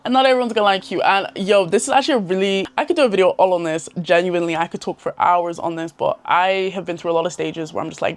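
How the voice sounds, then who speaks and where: A woman's voice: medium pitch, quick pace, dry recording. A young woman giving casual, chatty advice to camera in a slangy way. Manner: chatty and slangy, laughs often. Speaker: self-improvement vlogger.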